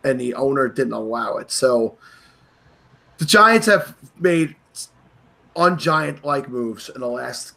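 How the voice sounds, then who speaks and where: A man's voice: mid-range voice, animated, takes it slowly, vocal fry, long pauses, sharp tone. Opinionated male podcast host. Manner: opinionated, emphatic. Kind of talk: casual sports chat. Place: New York.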